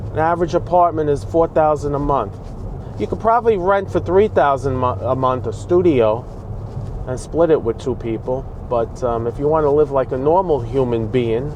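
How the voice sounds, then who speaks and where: An aggravated man with a thick New York accent rants into a dash-mounted camera from the driver's seat. His voice sits at an ordinary middle pitch, and a faint hum of road and street noise runs under it inside the car. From New York, Bronx. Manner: aggravated, ranting, talks back at traffic. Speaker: vlogger. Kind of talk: ranting vlog while driving. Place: inside a car on city roads. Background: traffic and street noise.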